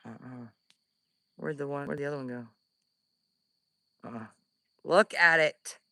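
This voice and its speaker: A woman vlogging from the woods on her phone, scared and breathing heavily, often dropping to a hushed whisper. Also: a bass voice, measured pace, dry recording, clean studio sound. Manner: jittery, drops into hushed whispers. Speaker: paranormal vlogger. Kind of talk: live outdoor investigation vlog. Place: woods outdoors.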